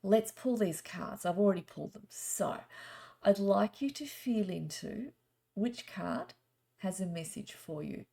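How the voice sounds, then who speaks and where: A middle-aged woman, a psychic telling chatty, rambling stories and doing a gently spiritual card reading. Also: mid-range voice, animated, a little slow, gravelly. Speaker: psychic reader. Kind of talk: casual storytelling and card reading.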